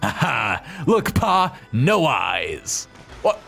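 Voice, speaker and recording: A man hosting a let's play, giving excitable, jokey game commentary. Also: medium pitch, normal speed, faint music behind.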